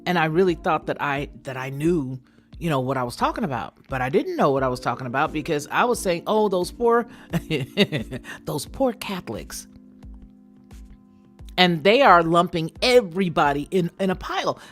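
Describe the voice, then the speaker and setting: Low-voiced woman chatting with viewers. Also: expressive, fairly quick, faint music behind. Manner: chatty, thinking aloud, addresses viewers directly. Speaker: channel host. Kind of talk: casual live chat with viewers.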